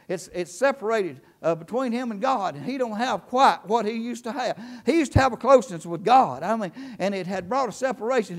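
An older man preaching a sermon in church, with impassioned delivery that swings from shouting to quiet, low talk. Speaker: pastor.

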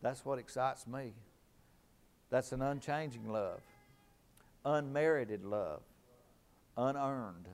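A man's voice: mid-range voice, slow, long pauses. A middle-aged man preaching a sermon in a fervent, emphatic way, repeating his key lines.

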